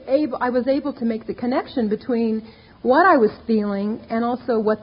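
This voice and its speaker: A woman with a rather high, animated, breathy-edged voice talks fairly quickly as she shares her recovery story. Candid and self-mocking, she tells her testimony to an audience and acts out the dialogue. The tape recording sounds dull and lo-fi.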